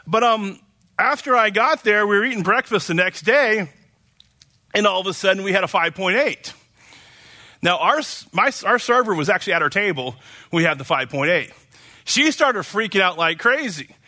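A man's voice: high voice, lively intonation, normal speed, sharp tone. A man from Oklahoma preaching a casual sermon, rambling and chatty with many fillers and restarts.

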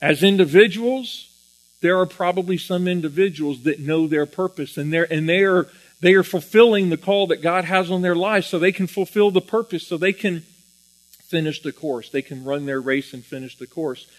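A man preaching a sermon, a former Marine who talks earnestly, repeats and restarts his words, and grows animated as he tells stories. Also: sits high, moderate pace, poor audio.

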